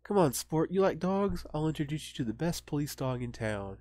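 A man's voice: fairly high pitch, animated, a little fast, a little mellow, no echo, clean studio sound, voice pushed up, close to an everyday voice. A man voicing a cheery cop coaxing a kid.

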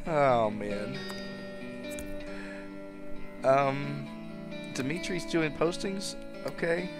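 A man's voice: medium pitch, moderate pace, long pauses. A man giving casual gameplay commentary on a life-sim game, talking to his characters and laughing often. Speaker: let's play host. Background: game music.

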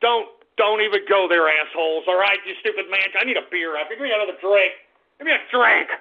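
A man hosting a call-in radio show, abrasive and yelling insults at his callers, heard with a tinny lo-fi sound. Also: high-pitched, brisk. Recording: tinny lo-fi phone-line sound.

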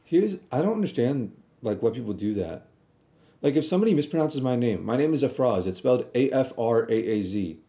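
A man talks through a reaction stream in a loose, rambling way, blunt and argumentative. His voice is mellow and dark, sitting at an ordinary pitch for a man. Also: animated, moderate pace. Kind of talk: casual reaction commentary.

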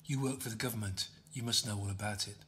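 A man voicing a tough, secretive young woman who speaks curtly and often in a hushed whisper. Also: on the low side, quick pace, a little hiss or hum, natural voice.

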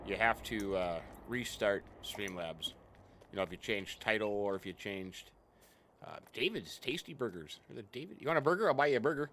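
A man's voice: lowish voice, a bit bright, a little hiss or hum. A man hosting a casual let's-play stream, chatting and greeting viewers by name. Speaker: game streamer.

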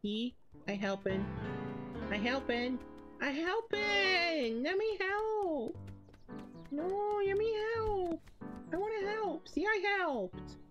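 A woman voicing a mischievous goose in high baby talk with broken grammar while commenting on a video game. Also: animated, takes it slowly, highs cut off, over music, heavily acted. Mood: pleading.

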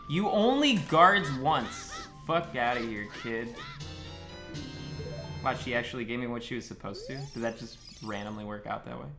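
Young male streamer, mid-pitched, sarcastic and profane, casual game commentary over clear music. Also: animated, normal speed. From United States. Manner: swearing, sarcastic, chatting with viewers. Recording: game music playing behind.

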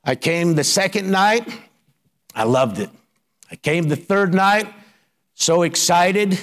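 A man's voice: sits high, animated, takes it slowly, fairly bright tone. A middle-aged man pastor telling his personal story in a sermon, colloquial and building to emphatic preaching.

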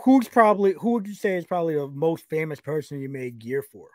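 A man co-hosts a wrestling podcast in loose, profane chat, firing questions at the guest. His fairly high voice swings up and down a lot, and the sound is dry and close. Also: a little fast, no room sound. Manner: lively, swears casually, asks questions. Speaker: podcast co-host. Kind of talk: casual interview chat.

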